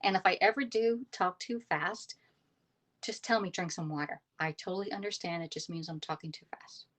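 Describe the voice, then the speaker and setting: A woman's voice: on the low side, steady tone, moderate pace. A woman hosting a casual live cooking stream from her home kitchen, chatty, laughing often and greeting viewers by name. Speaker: livestream cooking host.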